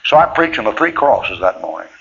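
With a lowish, gravelly, husky voice that's a bit bright and sing-song, a middle-aged preacher briskly tells folksy church stories in plain words, chuckling often. Faint hiss runs under the dull lo-fi tape.

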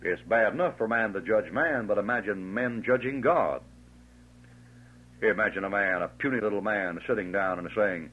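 A man delivers a fiery sermon with an emphatic, scornful edge, leaning hard on his stressed words. His voice sits low and husky. The recording is tinny and thin, like old tape heard over a phone line. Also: moderate pace. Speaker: preacher.

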